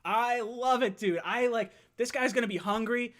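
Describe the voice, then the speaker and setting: A young man hosting a live-stream call-in fan show, excited, laughing and often shouting. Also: very high voice, normal speed.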